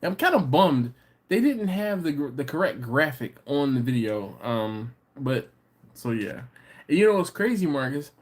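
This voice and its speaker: A man's voice: mid-range voice, very animated. Chatty joking man hosting a live chat. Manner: joking, teasing, chatty, quick laughs. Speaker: livestream host. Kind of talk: casual live chat, reading viewer comments aloud.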